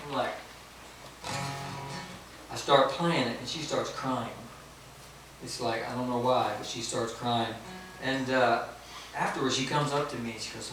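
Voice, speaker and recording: A man's voice: medium pitch, fairly even intonation, measured pace, long pauses, fairly bright tone. A man, a singer-songwriter, telling a self-mocking story between songs at a house concert and laughing at his own jokes. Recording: echoey room from far off, guitar. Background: acoustic guitar.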